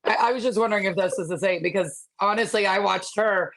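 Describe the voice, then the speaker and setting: A woman co-hosting a sports podcast, chatting casually with quick, giggly asides. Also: mid-range voice, a bit bright. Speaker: podcast co-host.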